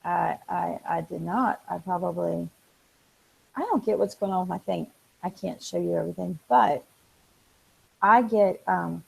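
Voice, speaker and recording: A woman hosting a casual live stream, chatting excitedly with viewers, reading out their comments and filling pauses with ums and restarts. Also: fairly low pitch, gravelly, husky, low-quality recording. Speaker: livestream host.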